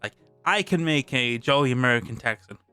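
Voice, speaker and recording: A British man reads a tabletop rulebook aloud on his stream, stopping to restart words and chat between sections. His voice is bright and crisp. It sits close and dry on the mic, with faint music playing underneath. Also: medium pitch, expressive, a little fast. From Britain. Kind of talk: live-stream rulebook read-through.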